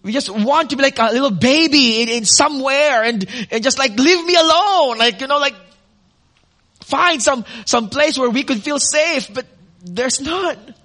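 Male pastor, high bright voice, expressive sermon with questions to the room. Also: normal speed. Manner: expressive preaching with rhetorical questions and audience asides.

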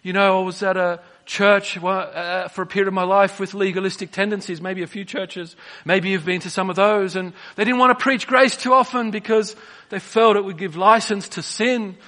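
A man preaching a sermon, swinging between soft, drawn-out phrases and emphatic bursts. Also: high-pitched, fairly even intonation.

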